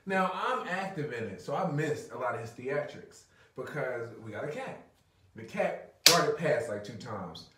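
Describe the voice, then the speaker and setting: A man's voice: medium pitch, expressive, unhurried, very noisy. A man in his thirties, a podcast co-host, telling a story in casual chat, laughing and swearing a lot. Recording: roomy, distant mic.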